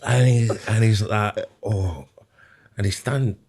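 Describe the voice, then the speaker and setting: Rambling Scottish man with a low voice. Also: steady tone, measured pace, a little mellow, a little hiss or hum. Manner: swearing, laughing, rambling with many asides. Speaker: guest comedian. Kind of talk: casual storytelling.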